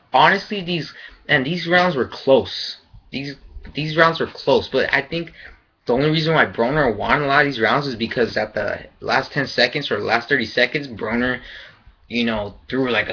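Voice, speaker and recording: A man's voice: medium pitch, bright, forceful tone, breathy edge, dull audio. A man giving a casual, rambling fight review, loose and profane in his opinions. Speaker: boxing vlogger.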